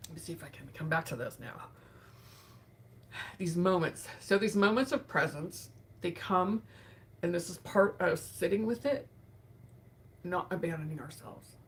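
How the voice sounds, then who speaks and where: Tearful woman talking slow and soft on a livestream, bit of fry, lowish voice, lots of sighs. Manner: emotional, soft-spoken, with sighs and pauses. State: tearful, grieving. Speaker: host of a live session. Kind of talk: reflective live talk.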